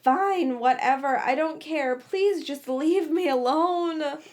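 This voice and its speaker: A sharp-tongued teenage schoolgirl witch, voiced by a woman reading a story, high-pitched and clipped. She snaps short, curt replies in an annoyed storybook voice. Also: takes it slowly. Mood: irritated. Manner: irritated, curt.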